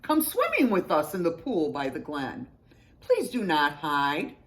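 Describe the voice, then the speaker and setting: A woman voicing a friendly, eager young male bear in a children's storybook, with a high, sing-song voice. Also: wildly swooping pitch, a little slow, full character voice. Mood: friendly, inviting.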